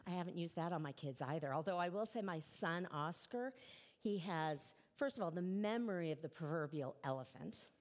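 A middle-aged woman pastor delivers a relaxed, chatty sermon from the front of a church. Her voice sits a little low for a woman, and she keeps turning to her listeners with a quick "right?". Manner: conversational, often adds "right?".

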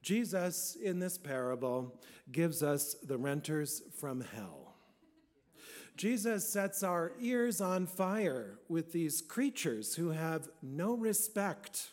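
A man's voice: on the high side, very animated, slow pace, darkish tone. Playful older male priest preaching. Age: 60s. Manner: folksy, playful preaching with sudden emphatic swells. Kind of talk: sermon. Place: church.

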